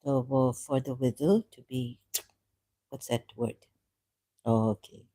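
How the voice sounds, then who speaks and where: A woman with a Sindhi Khoja accent, talking on a live stream in a halting, rambling way, often searching for words and slipping into Hindi-Urdu. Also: very deep voice, steady tone, warm tone.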